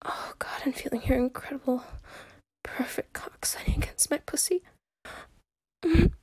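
A woman voicing an eager, devoted young secretary in a whispered role-play, with a breathy, pleading, intimate delivery. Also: high voice, moderate pace, a little mellow, no echo. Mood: breathless pleading.

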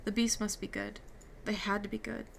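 A woman's voice: medium pitch, little pitch movement, normal speed, creaky, a little hiss or hum. A woman reading a novel aloud, giving the characters' lines light shifts. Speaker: reader. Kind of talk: audiobook reading with character dialogue.

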